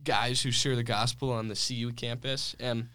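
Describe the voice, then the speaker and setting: A man's voice: medium pitch, little pitch movement, normal speed, sharp tone, smooth, dry recording. A young man co-hosting a podcast, telling stories in an easygoing, affirming way. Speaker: podcast co-host. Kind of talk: casual chat.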